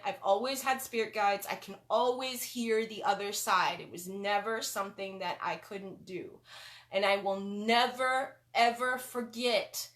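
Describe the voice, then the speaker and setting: A woman hosting a spiritual teaching talk, speaking emphatically and swinging between loud stresses and soft asides. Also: mid-range voice. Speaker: host.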